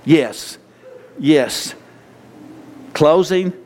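A pastor with a mid-range voice preaches a sermon at normal speed and then leads a closing prayer, fervently repeating phrases for emphasis. The church sanctuary gives a long hall reverb, with slight background noise.

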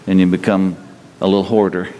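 A man preaching a sermon to a congregation, telling stories in an animated way and moving between loud bursts and quieter stretches. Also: sits low, fairly quick, slight background noise. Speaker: pastor. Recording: long hall reverb.

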